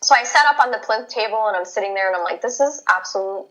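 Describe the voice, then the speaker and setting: This physical therapist, a woman guesting on a podcast, chats casually through a personal story, laughing and animated while voicing what she was thinking. Her mid-range delivery is rapid-fire, and the audio sounds dull.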